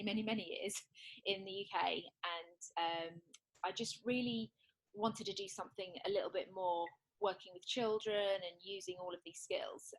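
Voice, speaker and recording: A woman's voice: mid-range voice, fairly bright tone, low-quality recording. British woman guest, hesitant. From United Kingdom. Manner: hesitant, many fillers. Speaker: guest, former TV host. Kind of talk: casual interview talk.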